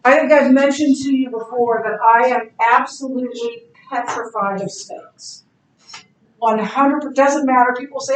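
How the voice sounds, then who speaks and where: A middle-aged woman teaching a Bible class in a casual, animated way, telling stories and laughing easily. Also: high-pitched, a little slow. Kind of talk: casual classroom lecture with anecdotes. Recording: echoey classroom, distant mic.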